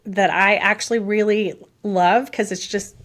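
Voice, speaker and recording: A woman's voice: medium pitch, fairly even intonation, unhurried, a bit bright. A middle-aged woman, a podcast guest, chatting casually with frequent laughs and fillers. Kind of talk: casual interview chat.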